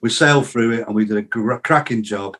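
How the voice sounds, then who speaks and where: An older musician and songwriter, appearing as a podcast guest, briskly tells rambling stories in a mid-range voice. His lively anecdotes are full of acted-out quotes of what people said to him, with many fillers and restarts in this casual interview.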